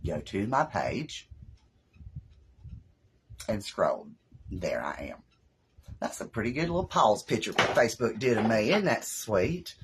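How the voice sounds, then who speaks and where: A woman's voice: rumbling low, very animated, unhurried, pauses often, a little hiss or hum, rough recording. A woman with a Southern US accent, hosting a casual craft live stream and chatting in a rambling way with her viewers from her home craft room.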